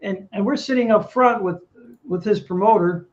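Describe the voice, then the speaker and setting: In a lo-fi recording, a middle-aged Navy veteran with a high-sitting voice speaks at a normal pace. He tells a story casually during an interview, animated and quoting other people along the way.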